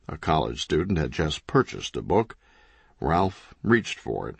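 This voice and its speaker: A man reading a crime comedy audiobook in scripted narration with an animated, dry comic delivery. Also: extremely low pitch, normal speed, vocal fry, husky, no room sound.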